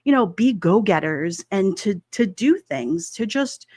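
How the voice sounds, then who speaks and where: A woman in her forties talking in a loose, rambling way, packing her sentences with fillers and little laughs. Her voice sits at a middling pitch and sounds close and dry, with no room around it. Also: animated, measured pace, a little mellow, slightly rough, dry recording. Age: 40s. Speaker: livestream host. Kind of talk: casual chat.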